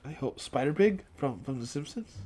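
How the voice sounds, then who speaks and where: High-voiced young man joking around. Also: animated, moderate pace, mellow. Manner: jokey, puts on bad mock accents. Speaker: podcast co-host. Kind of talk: casual banter.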